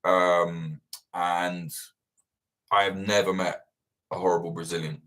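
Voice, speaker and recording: This is a man with a lowish voice, hosting a casual livestream Q&A. He rambles through answers with animated energy and swears freely as he goes. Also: slow pace. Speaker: host of livestream Q&A.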